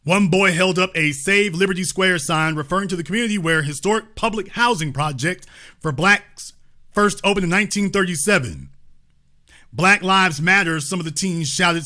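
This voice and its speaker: A man's voice: fairly high pitch, bright, forceful tone. A man hosting a commentary show, reading news aloud and breaking in with emphatic remarks, repeated points and pointed rhetorical questions.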